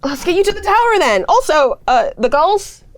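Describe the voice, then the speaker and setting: A woman with a high, lively voice plays in a tabletop game, asking brisk questions. The sound is dry and close. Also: no echo. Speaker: player. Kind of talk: casual tabletop play.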